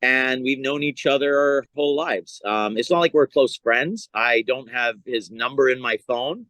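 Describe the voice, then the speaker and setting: A man's voice: mid-range voice, normal speed, no room sound. A male comedian telling stories in casual chat, acting out other people's voices as he goes. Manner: animated, acts out voices in his stories. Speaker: stand-up comedian guest. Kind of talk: casual storytelling.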